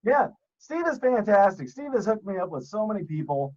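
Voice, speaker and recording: A man with a smooth, deep, announcer-style voice, chatting as a podcast guest and swearing freely through his stories. His pitch swings widely as he acts out exchanges. The recording sounds dull and lo-fi. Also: big pitch swings, brisk, a little mellow. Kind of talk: casual podcast chat.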